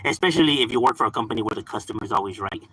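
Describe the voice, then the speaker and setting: A young man chats loosely on a live stream, full of slang and quick laughs. His voice is husky and bright, and his pitch jumps around a lot. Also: lively intonation, low-quality recording. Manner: laid-back slang, mixes in Spanish words, laughs often. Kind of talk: casual live-stream chat.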